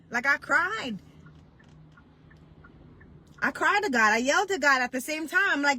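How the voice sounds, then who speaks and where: A woman preaching with deep emotion, telling a story that builds toward heartfelt cries. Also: animated, unhurried, long pauses, sharp tone, a little hiss or hum, poor audio. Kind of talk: impassioned devotional preaching.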